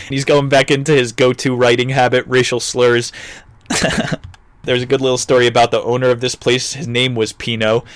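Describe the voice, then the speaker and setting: A man talking through a memoir in a loose, jokey podcast recap, tossing in sarcastic asides and frequent chuckles. His voice sits at an ordinary middle pitch. The recording is close and dry, with no room echo. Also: flat delivery, normal speed, smooth. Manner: sarcastic, chuckles often, says "like" and "you know". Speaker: podcast host reviewing a memoir. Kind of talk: casual comedic book recap.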